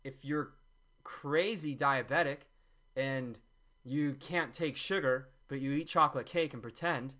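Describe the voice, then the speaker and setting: A man's voice: medium pitch, unhurried, pushed and bright. A man giving a homemade juice recipe in a rambling, jokey way, often taking back his own jokes. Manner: jokey, rambling, often backtracks with "I'm kidding". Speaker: vlogger demonstrating a juice recipe. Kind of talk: joking, rambling how-to talk.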